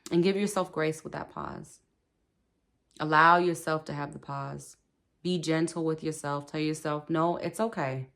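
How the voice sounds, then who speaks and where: A woman's voice: low voice, steady tone, measured pace, creaky, a bit bright. A woman hosting a spiritual wellness talk, chatting casually with her viewers and laughing often. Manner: chatty, laughs often, repeats "okay", speaks to viewers directly. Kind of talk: casual spoken advice.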